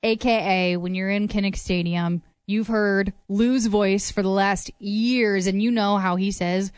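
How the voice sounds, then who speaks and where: A woman's voice: medium pitch, fairly even intonation, unhurried, smooth, dry recording, studio quality. A woman hosting a radio show, teasing her co-host in casual banter. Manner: teasing, playful.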